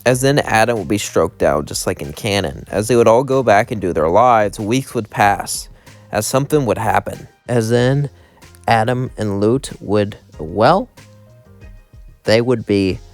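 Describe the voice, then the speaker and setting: Man telling a loose, run-on story. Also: lowish voice. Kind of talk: casual fan-fiction narration.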